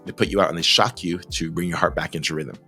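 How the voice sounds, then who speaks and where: A man with a very deep, low voice tells a personal story to camera. He talks earnestly and from the heart, with many pauses and filler words, and at times he sounds close to tears. Soft music plays faintly underneath. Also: fairly even intonation. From Southern California. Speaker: small business owner.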